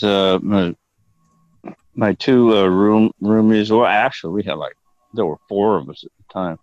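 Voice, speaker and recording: An older man with a deep, low voice tells stories as a guest, wandering into digressions and peppering them with curses. The audio is dull and lo-fi, with a dry, close sound. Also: no echo. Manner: rambling and profane, prone to digressions. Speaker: interview guest, actor. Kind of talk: casual storytelling interview.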